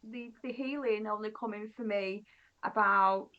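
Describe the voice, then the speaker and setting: A woman, a guest medium, talking in a quick, chatty way with frequent laughter. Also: medium pitch, steady tone. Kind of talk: casual conversation. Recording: muffled lo-fi audio.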